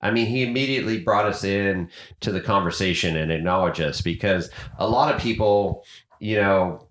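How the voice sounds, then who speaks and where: A man's voice: deep voice, normal speed, echoey room. A man hosting a podcast, casually telling a road trip story and acting out the voices of people he quotes. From United States. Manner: animated, acts out quoted voices. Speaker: podcast host.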